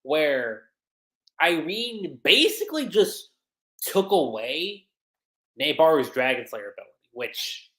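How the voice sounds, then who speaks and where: An anime reviewer hosting a livestream, recapping an episode in an excitable, animated way with lots of fillers. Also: medium pitch, takes it slowly. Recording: roomy echo.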